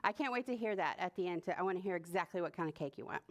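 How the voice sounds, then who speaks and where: A woman's voice: on the low side, animated, racing. A young woman, a children's librarian leading a preschool story time in a cheerful, sing-song way.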